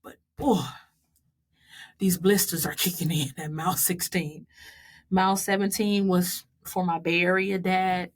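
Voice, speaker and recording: A woman in her thirties from the United States, casually and warmly recapping her marathon, laughing often as she dedicates each mile to loved ones. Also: fairly low pitch, fairly even intonation, measured pace.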